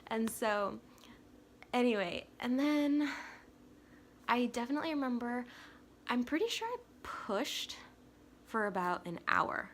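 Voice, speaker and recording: Excitable chatty young woman. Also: fairly high pitch, a little slow, long pauses, slight background noise. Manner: excitable, chatty, talks with 'like' often. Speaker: vlogger. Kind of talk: casual personal storytelling.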